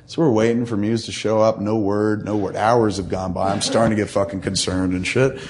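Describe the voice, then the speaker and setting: A man's voice: lowish voice, flat delivery, a little fast, a little mellow. A man casually telling a long, profane, rambling anecdote into a mic, acting out the other people in it. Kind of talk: casual storytelling chat. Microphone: studio mic.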